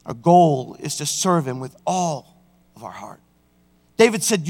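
Man, senior pastor, high-pitched voice, fervent sermon, long church reverb. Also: sing-song, unhurried, long pauses, a little mellow. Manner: fervent preaching that builds in pitch and force. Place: church sanctuary.

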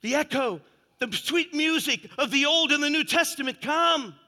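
A man preaching a fervent sermon, swinging between shouted exclamations and hushed, quiet passages. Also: very high-pitched, moderate pace, in a large hall. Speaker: pastor.

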